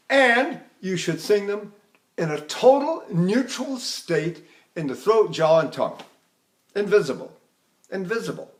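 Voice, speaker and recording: An older man teaching vocal technique in a recorded lecture, talking casually and breaking into sung vowels to demonstrate. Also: high-pitched. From Texas.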